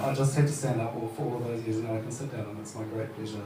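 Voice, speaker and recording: A man in his thirties with a New Zealand accent does a casual, sweary stand-up set at an open mic, laughing at his own jokes. His mid-range voice is steady and very fast, picked up from far off in an echoey room with a noisy background.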